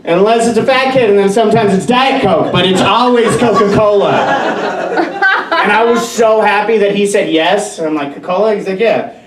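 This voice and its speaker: A man performing a stand-up comedy set, telling stories and acting out voices in quick bursts. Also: sits high. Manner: animated storytelling with acted-out voices. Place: brewery. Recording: roomy bar from a distance, crowd laughter.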